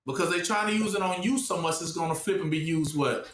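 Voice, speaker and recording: A man preaching informally, often pausing with "what?" for listeners to finish his sentences. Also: a little high, roomy sound, a little hiss or hum. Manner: asks the audience to fill in the word with "what?".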